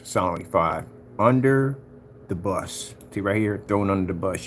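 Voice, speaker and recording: Male vlogger, taunting rant, mid pitch, faint background hiss. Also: brisk. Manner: taunting, mocking, swings between loud and muttered. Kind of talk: ranting monologue to camera.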